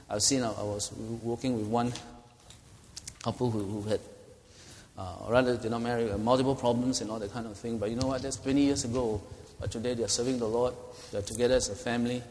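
Middle-aged pastor in reverberant hall. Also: male voice, mid-range voice, fairly even intonation, brisk, a little mellow, slight background noise. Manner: conversational, frequent "okay?" check-ins. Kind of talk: bible study teaching.

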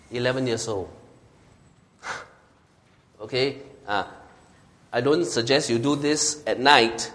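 Male preacher, mid-pitched and emphatic, repeats key lines, long hall reverb. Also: fairly bright tone. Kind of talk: sermon.

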